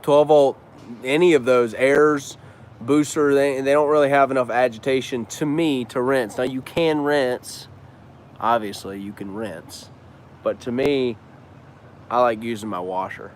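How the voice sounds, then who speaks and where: Brief: a man host, slangy and loose, swearing casually, mid-pitch voice, faint street noise behind him. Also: steady tone, a little slow. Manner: loose, slangy, cusses freely. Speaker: business owner and trainer hosting a live stream. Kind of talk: casual live-stream chat answering viewers.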